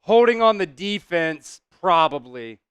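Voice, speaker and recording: A man hosting a live stream, calling plays casually, reacting loudly, swearing and talking to his chat. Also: high voice, a little slow, clear, resonant tone, no echo. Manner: excitable, swears, talks to chat. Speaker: host doing live play-by-play.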